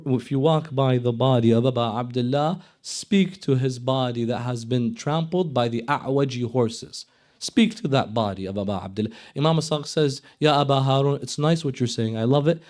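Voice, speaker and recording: A man preaching at a mourning gathering, moving between impassioned English teaching and chanted Arabic recitation, often dropping to a hushed, grieving tone. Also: fairly high pitch. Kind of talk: sermon. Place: Islamic center hall, live gathering.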